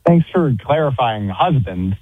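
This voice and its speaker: A man's voice: medium pitch, measured pace, a crowd in the background. Exasperated man on a tinny line. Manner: exasperated ranting, animated. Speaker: guest podcast co-host. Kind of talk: casual chat over a call. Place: on a roof.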